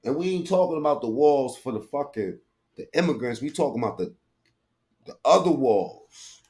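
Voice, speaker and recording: A man's voice: medium pitch, lively intonation, moderate pace, a little mellow, a little hiss or hum. A man commentating live on a stream, crude and mocking, rambling in heavy slang with frequent profanity.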